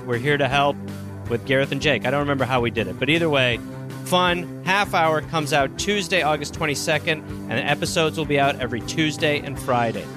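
A man co-hosting a comedy podcast, chatting jokily and reading plugs for his shows. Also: fairly high pitch. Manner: jokey, animated, breaks into laughs. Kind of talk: casual comedic chat and ad read.

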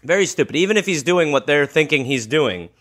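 A man co-hosting a comedy podcast, reacting with quick sarcastic quips in casual banter. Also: on the high side, animated, fairly bright tone, a little hiss or hum.

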